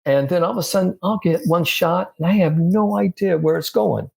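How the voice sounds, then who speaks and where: An exasperated English golfer, as a man puts him on, pitched well above his storyteller's own voice. He sounds blunt, fed up and a little stunned. His English accent carries the whole impression. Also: lively intonation, a little fast, a little mellow. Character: frustrated English male pro golfer.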